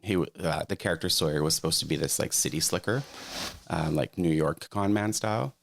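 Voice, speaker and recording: A woman's voice: rumbling low, a little fast, vocal fry, a little hiss or hum. A woman co-hosting a podcast, running the trivia and telling behind-the-scenes stories in a chatty, casual way. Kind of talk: casual chat.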